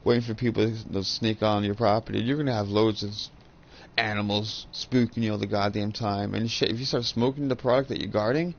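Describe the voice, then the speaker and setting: A man's voice: fairly low pitch, steady tone, a little fast, vocal fry, muffled recording, a little hiss or hum. A man in his thirties chatting casually while gaming, a profane, rambling storyteller on a headset. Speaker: gaming channel host.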